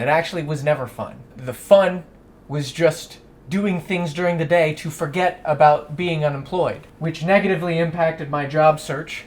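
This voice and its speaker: A man's voice: on the high side, moderate pace. Rambling, self-deprecating young man. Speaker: vlogger. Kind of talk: casual vlog monologue. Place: at home, doing laundry and in his bedroom.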